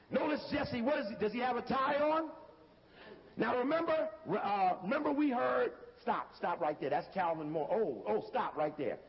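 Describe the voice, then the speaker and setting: Man, high voice, emphatic casual video commentary, dull roomy sound. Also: gravelly. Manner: emphatic, talks straight to the listener and calls out cues to stop and rewind.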